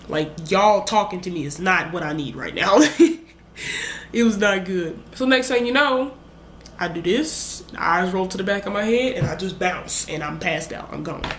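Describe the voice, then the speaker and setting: A young woman tells a personal story in a casual vlog. She rambles and acts out the things she said. Her mid-pitched voice rings with room echo over a faint noise floor. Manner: animated, rambling retelling with acted-out quotes. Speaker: vlogger. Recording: echoey room.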